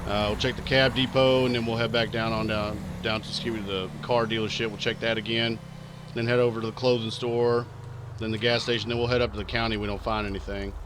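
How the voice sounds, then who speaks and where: A man's voice: on the low side, level tone, quick pace, noisy background. A man with a Texan accent, casually chatting and swearing through a live stream while playing a police officer in a role-play game. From Texas. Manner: profane, brash, chatty, reads chat aloud.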